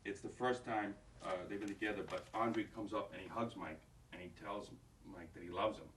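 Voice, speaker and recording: A man with a lowish, steady, fairly bright voice talks briskly as he directs an audition, explaining a scene to an actress in a rambling way, restarting often and acting out lines. The recording is roomy and distant from the mic, with a little hiss or hum.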